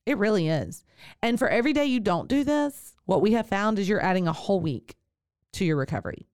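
A woman's voice: mid-range voice, animated, a little fast, a little mellow, clean tone, no room sound, clean studio sound. A woman, hosting a podcast and telling a personal birth story, then giving chatty advice straight to her listeners. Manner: chatty, with fillers and direct address to listeners. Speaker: podcast host and birth worker.

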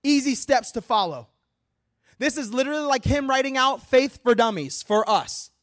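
A man preaching a sermon in a church, reading scripture and joking in a lively, conversational way. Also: very high-pitched, moderate pace. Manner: animated, humorous, conversational preaching. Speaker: guest preacher.

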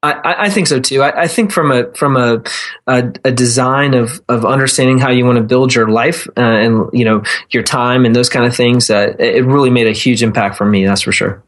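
A man's voice: mid-range voice, fairly quick, a bit bright. A man in his thirties, a podcast guest, answering earnestly in a casual interview with many restarts. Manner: earnest, with frequent restarts and fillers. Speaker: podcast guest, real estate investor.

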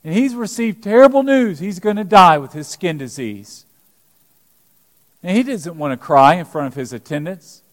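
A man's voice: high-pitched, animated, normal speed, big-room sound. A man preaching a sermon as pastor, dramatically acting out the scripture he quotes.

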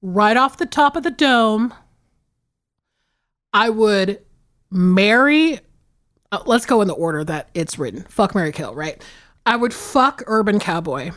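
Woman podcast co-host, casual and profane, very lively pitch swings. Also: unhurried, pauses often. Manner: animated, swearing, laughing often. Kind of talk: casual chat.

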